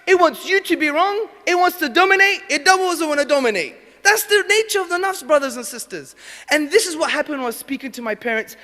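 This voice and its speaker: A man delivers a religious talk to a gathered audience, passionate and emotional, sometimes dropping to soft, intimate tones. His voice sits very high and sounds bright and forceful. His words ring out with a long hall reverb. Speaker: Islamic speaker.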